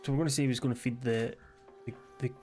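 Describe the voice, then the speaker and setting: A man's voice: medium pitch, fairly even intonation, quick pace, dark tone, soft background music. A Scottish man streaming a game live, joking crudely and reading game text aloud hesitantly. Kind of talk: casual live-stream commentary.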